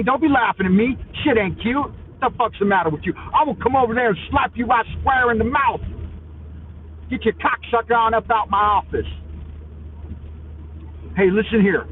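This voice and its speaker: Foul-mouthed man ranting while driving. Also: high voice. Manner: loud, crude, cursing, combative with other drivers. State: highly caffeinated. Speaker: vlogger, live-stream host. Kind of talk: profane driving rant on a live stream. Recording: tinny, phone-like with faint vehicle noise.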